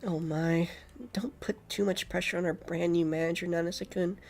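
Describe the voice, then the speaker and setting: A man's voice: high-pitched, fairly even intonation, normal speed, faint music behind. A man voicing a serious, ladylike young woman, polite and composed.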